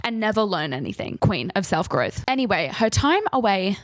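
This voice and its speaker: Brief: young woman book vlogger, chatty and sarcastic, mid-pitched, dry close sound. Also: big pitch swings, normal speed, no echo. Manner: sarcastic, swears, laughs often. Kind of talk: casual chatty book recap.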